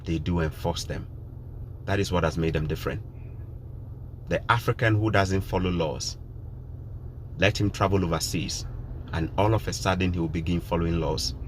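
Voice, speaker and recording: A man's voice: low voice, normal speed, long pauses, slight background noise. Emphatic Ghanaian man vlogging. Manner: emphatic, repeats points, preachy. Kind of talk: casual live-stream talk to viewers.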